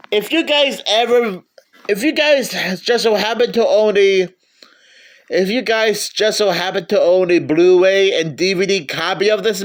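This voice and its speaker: A man giving a casual movie review, stammering and often restarting his sentences. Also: high voice.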